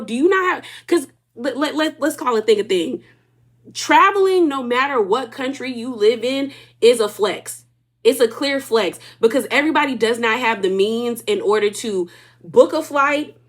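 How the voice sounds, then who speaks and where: A woman recapping a reality show episode in a casual, gossipy way, with drawn-out reactions. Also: a little high, a bit bright.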